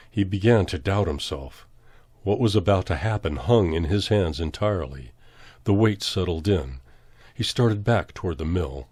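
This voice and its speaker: Low-voiced man reading horror fiction. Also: darkish tone, dry recording. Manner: measured, dramatic reading. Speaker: storyteller. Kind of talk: scripted horror narration.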